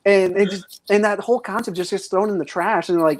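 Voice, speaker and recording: A casual podcast guest at a middling pitch, thinking out loud. The talk rambles, with many fillers and drifting tangents. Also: steady tone, a little fast.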